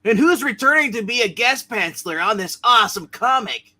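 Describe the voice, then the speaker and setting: Lively high-voiced man. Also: fairly quick, slight background noise. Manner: eager, quizzing the others. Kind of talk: casual comic podcast chat.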